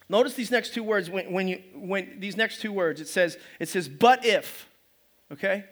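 Speaking at normal speed in a high, slightly bright voice, a male pastor delivers a sermon during a church service. His style is loose and conversational, and he often starts his phrases over.

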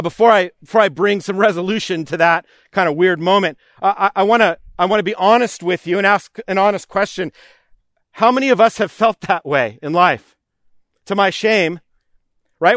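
A man's voice: sits high, fairly bright tone, no room sound, clean studio sound. A man preaching a sermon in an earnest, repetitive cadence, now and then acting out anxious pleas. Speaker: pastor.

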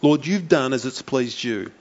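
A man preaching a sermon, telling a Bible story with animated flair and briefly voicing its characters. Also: mid-range voice, unhurried. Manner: animated storytelling, acting out the sailors' voices. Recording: dull lo-fi recording.

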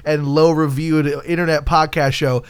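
A man's voice: a little high, little pitch movement, moderate pace, smooth, no room sound, pitched below the performer's own voice, close to an everyday voice. A man putting on a goofy male movie star who prank-calls a stranger, rambling and stammering with crude jokes. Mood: rambling pitch.

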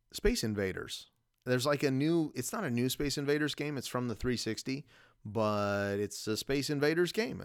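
A man's voice: lowish voice, vocal fry, clean tone, no room sound, clean studio sound. A man in his thirties hosting a casual solo podcast, rambling and self-deprecating, laughing often as he talks. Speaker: podcast host.

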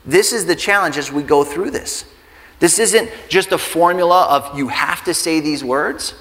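Earnest pastor preaching in a reverberant hall. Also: male voice, high voice, sharp tone. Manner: conversational, earnest, rising to emphatic. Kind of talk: sermon. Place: church sanctuary. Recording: reverberant hall with faint music.

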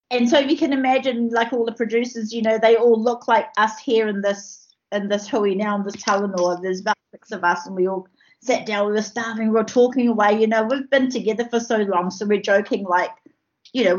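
A woman, a producer telling a story in casual chat, lively and full of fillers. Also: medium pitch. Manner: lively, laughing, lots of fillers. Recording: slightly muffled recording.

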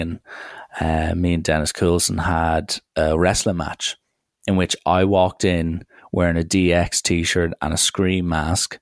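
Low gravelly young man. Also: dry recording, clean studio sound. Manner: wry, rambling storytelling with acted quotes. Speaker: storyteller. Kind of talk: casual anecdote.

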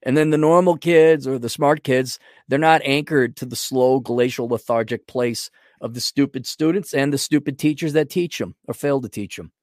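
American guy ranting on his podcast, swears a lot, dry mic, mid-pitched voice. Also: moderate pace, hardly any pauses, a little mellow, no echo. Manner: profane, rambling, sarcastic. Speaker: podcast host. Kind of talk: casual ranting monologue.

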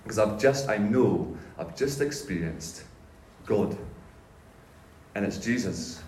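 A man's voice: fairly low pitch, slow pace, a little hiss or hum. Male pastor, storytelling sermon, casual and self-deprecating; roomy church-hall echo. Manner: animated, self-mocking, casual slang. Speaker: pastor giving a testimony.

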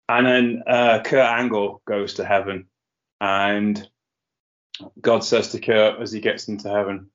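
A man's voice: fairly low pitch, flat delivery, measured pace. Rambling man hosting a podcast. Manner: chatty, rambling, laughs at own jokes. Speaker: podcast host. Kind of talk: casual podcast chat. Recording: lo-fi muffled sound.

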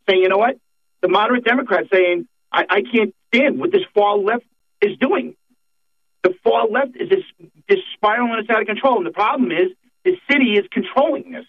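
A man, a political candidate calling in to a radio show, talking emphatically and repeating his points. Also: high-pitched. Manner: emphatic campaign talk, repeats phrases. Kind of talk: phone-in radio interview. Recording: tinny phone line.

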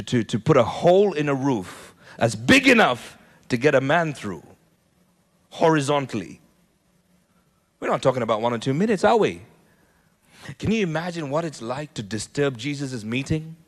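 A man preaching a sermon in a church, animated, often repeating words and building to loud peaks. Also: medium pitch. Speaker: pastor. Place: church hall.

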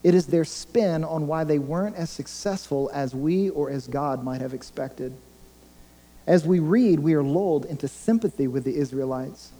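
A man preaching a sermon in a fairly high but deeply warm, mellow voice. He builds his points earnestly, hammering them home through repeated phrases. The sound carries a long reverb, as if recorded in a large church sanctuary. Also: moderate pace. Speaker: pastor.

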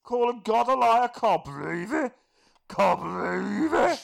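A man's voice: very high voice, big pitch swings, unhurried, vocal fry, voice pushed up, heavily acted. A man voicing a grumpy, sweary God who has been woken up in a box, grumbling in a blokey way.

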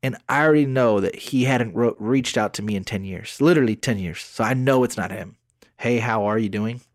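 A man's voice: lowish voice, fairly quick, no echo, clean studio sound. A man, co-hosting a podcast in casual chat, telling stories with swearing and mock voices. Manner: animated storyteller, acts out texts in mock voices, swears freely. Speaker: podcast co-host.

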